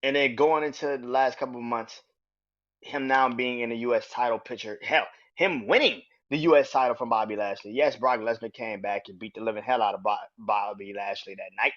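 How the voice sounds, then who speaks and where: A man hosting a podcast, talking casually and excitably about wrestling and swearing freely. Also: medium pitch, fairly quick. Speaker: podcast host. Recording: dull lo-fi sound.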